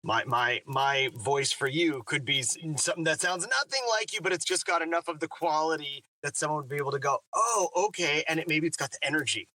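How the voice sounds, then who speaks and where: Bright-voiced thoughtful male narrator. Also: a little high, fast talker, hardly any pauses, distant mic, poor audio. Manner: thoughtful, animated. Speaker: audiobook narrator and voice actor. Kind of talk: reflective interview talk.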